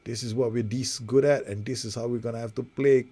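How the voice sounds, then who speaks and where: A man's voice: mid-range voice, fairly even intonation, fairly quick, mellow, slightly rough. A man giving casual, rambling, self-mocking play-by-play commentary over a football management game he is playing. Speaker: gaming video host.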